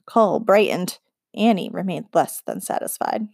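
A woman narrating a children's fantasy novel as an audiobook, in a measured storytelling read. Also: lowish voice, lively intonation, gravelly, darkish tone, no echo, clean studio sound. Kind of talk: scripted narration.

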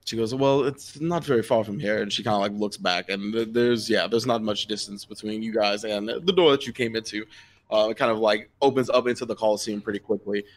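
A man's voice: on the low side, brisk. A man narrating a tabletop game as game master, describing scenes in a loose, rambling way full of fillers.

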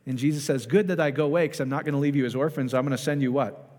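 A man preaching in a relaxed, conversational way, tossing questions out to the congregation and circling back on his own sentences. His voice sits at an ordinary middle pitch. A long reverb trails behind him in the hall. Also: racing. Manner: chatty, asks the congregation questions, many restarts. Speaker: pastor. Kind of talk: casual conversational sermon.

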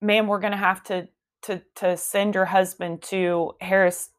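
A woman voicing a calm male emergency room doctor who explains slowly with hesitations. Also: sits high, clear, resonant tone. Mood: explaining. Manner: slow, measured, hesitant explaining.

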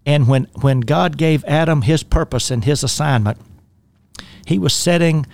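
A man's voice: on the high side, moderate pace, creaky, darkish tone. A man with a Southern drawl hosting a faith-based talk radio show as a life coach, folksy and rambling, with many fillers and restarts.

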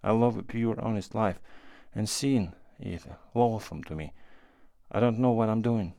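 A man reading the part of a remorseful, tearful young woman in a classic story, with a low, gravelly voice and pleading, self-accusing speech. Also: measured pace, dark tone, no echo, studio quality.

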